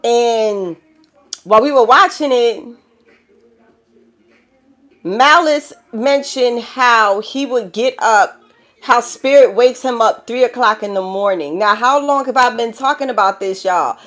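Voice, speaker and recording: Speaking slowly in a fairly bright, higher voice, a Bronx-born woman with a New York accent delivers a collective tarot reading. She laughs as she goes, swears freely, and preaches bluntly to her viewers, whom she calls child and baby.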